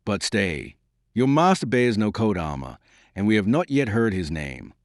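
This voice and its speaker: A man voicing a courteous but wary prince who speaks in a formal, measured way. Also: lowish voice, very animated, no echo, clean studio sound. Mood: commanding.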